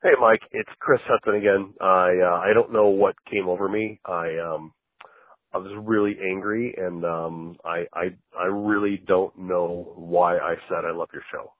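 A man's voice: fairly even intonation, measured pace, no echo. A man playing an angry, profane superfan caller who rants and swears into a phone line. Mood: sullen. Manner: profane, shouting, then mumbling low. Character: furious ranting male superfan caller.

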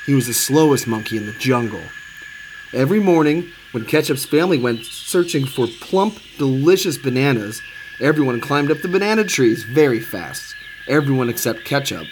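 A man reading a children's storybook aloud, expressive and sing-song. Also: mid-range voice. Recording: steady background noise.

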